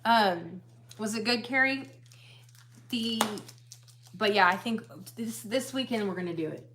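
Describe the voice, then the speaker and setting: A woman on a casual livestream, chatting with her husband and reading viewer comments aloud, rambling and relaxed. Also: medium pitch, unhurried, noisy background. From United States. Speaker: livestream co-host.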